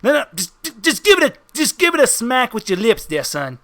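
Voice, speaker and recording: A brash mobster henchman, as a man puts him on in a bright, high voice that leaps around. He talks tough street talk and calls everyone son, theatrical and pushy. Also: very animated, fairly quick, exaggerated voice.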